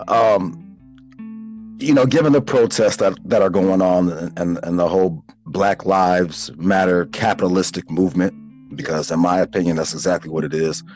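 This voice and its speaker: A man's voice: low-pitched, fairly even intonation, moderate pace, darkish tone, soft background music, low-quality recording. A man hosting a podcast in a laid-back, joking way, repeating his phrases and laughing often. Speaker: podcast host. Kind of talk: casual podcast chat.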